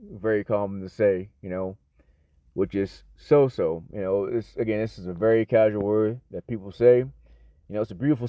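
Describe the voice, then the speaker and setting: Man, American accent, low voice, casual unscripted lesson, rambling with many fillers, dull lo-fi recording. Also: no echo. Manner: rambling, many fillers and restarts, self-correcting. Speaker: English teacher. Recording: dull, lo-fi dry sound.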